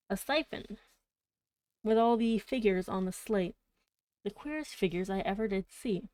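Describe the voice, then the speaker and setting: A woman reading the lines of a worried old male servant who speaks in a halting, rambling way. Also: mid-range voice, darkish tone, no echo, close to an everyday voice. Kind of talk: audiobook reading.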